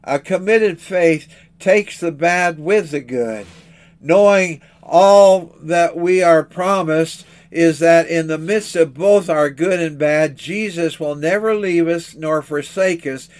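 Male preacher, earnest and measured, voice a touch higher than most men. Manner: earnest, measured, rhetorical questions. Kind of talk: sermon.

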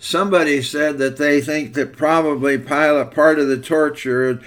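A man with a slightly high voice preaches a sermon. He speaks earnestly and reads scripture passages aloud between his own plain remarks. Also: fairly even intonation, normal speed, a bit bright.

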